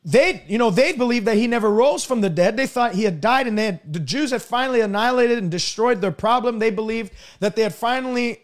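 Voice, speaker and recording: A man preaching a sermon emphatically, swinging between loud high passages and low drawn-out ones.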